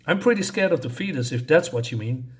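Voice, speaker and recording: A man's voice: a little high, animated, fast, slightly rough. A man doing a creepy sing-song woman. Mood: teasing. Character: unhinged cheerful young woman, creepy.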